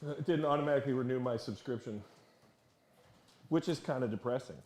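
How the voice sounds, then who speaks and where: A male co-host in casual stream banter at home. His voice sits at a middle pitch, and his talk is relaxed and teasing. He laughs often. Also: a little fast. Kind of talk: casual live-stream chat.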